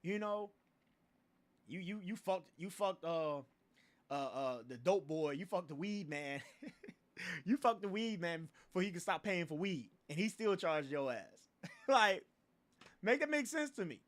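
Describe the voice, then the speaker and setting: A man's voice: fairly high pitch, animated, a little slow. A young man hosting a livestream, ranting in a casual, profane way with laughs and repeated filler phrases. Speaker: livestream host.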